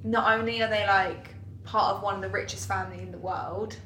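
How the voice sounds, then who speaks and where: Young woman podcast co-host, bright and emphatic, in an echoey room. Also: mid-range voice, steady tone, fairly quick, a little hiss or hum. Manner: emphatic, advice-giving, full of "like". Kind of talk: casual chat. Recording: echoey room, faint ambience.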